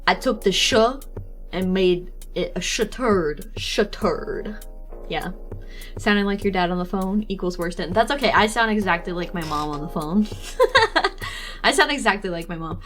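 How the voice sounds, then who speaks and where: A woman's voice: fairly low pitch, quick pace, a bit bright, faint music behind. A young woman streamer chatting casually while she draws, rambling and teasing, laughing often. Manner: teasing, snarky.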